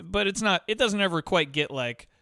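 Man, podcast co-host, smooth bright voice, enthusiastic, rambling. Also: sits high, lively intonation, normal speed, no room sound, studio quality. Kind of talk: casual movie review chat.

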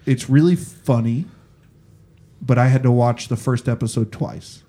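A man's voice: medium pitch, a little slow, dark tone. A man co-hosting a casual podcast, rambling with hesitations and laughs. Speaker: podcast co-host. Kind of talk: casual chat.

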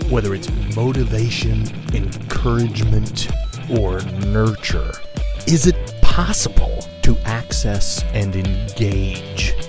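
Male podcast host, measured scripted intro, guitar music under the voice. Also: on the low side.

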